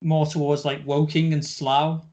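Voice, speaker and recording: A man's voice: fairly high pitch, level tone, unhurried, a little mellow, highs cut off. A young man co-hosting a podcast in casual chat, teasing and rambling with lots of fillers. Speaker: podcast co-host.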